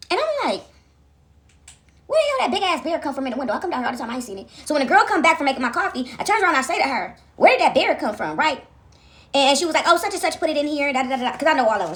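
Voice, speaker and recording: A fast-talking woman with a high, bouncing voice tells a home story straight to her viewers. She keeps checking in with them, chats loosely and laughs along as she goes. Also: a bit bright. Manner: chatty, addresses viewers as "y'all", frequent "right?"; laughs often while telling stories. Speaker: vlogger.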